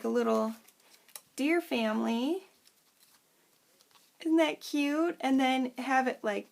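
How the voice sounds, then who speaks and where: A woman's voice: on the high side, gravelly. A woman hosting a crafting tutorial, chatty and bubbly, who rambles and often loses her train of thought. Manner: bubbly and self-deprecating. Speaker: craft channel host.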